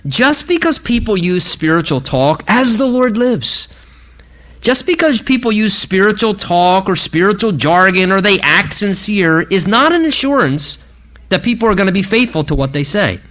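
A man's voice: high-pitched, sing-song, normal speed, a bit bright, highs cut off. A pastor preaching an expository sermon in a conversational, emphatic way, acting out quotes as he goes.

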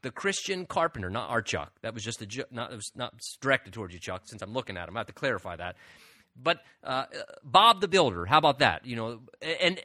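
Brief: male pastor, conversational sermon, high and bright voice. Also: dry recording, studio quality. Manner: conversational, earnest, joking asides.

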